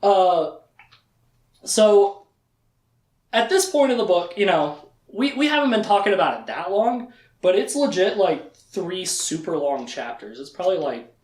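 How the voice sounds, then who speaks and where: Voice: medium pitch, sing-song, measured pace, a little mellow, echoey room. A podcast host giving a casual, chatty recap of a fantasy novel with laughing asides.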